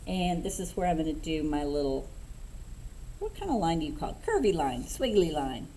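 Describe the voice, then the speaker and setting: Woman craft instructor, lower voice, casual step-by-step talk, faint hum in the room. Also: low-quality recording. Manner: relaxed, unhurried, thinking aloud with fillers. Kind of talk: step-by-step painting tutorial.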